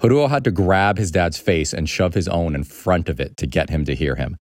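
A man reading a children's story aloud with an animated, expressive delivery. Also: low voice, moderate pace, dry recording, clean studio sound. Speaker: narrator.

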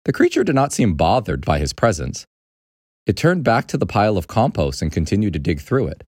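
A man narrates a children's story in a low voice. His reading swings widely and expressively in pitch. The sound is close and dry. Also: huge pitch swings, fairly quick, darkish tone, no echo.

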